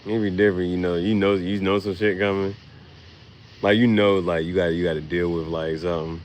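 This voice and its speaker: A man's voice: deep voice, little pitch movement, brisk, darkish tone, slight background noise. A man vlogging in a casual comedic monologue, laughing often and swearing in slangy storytelling.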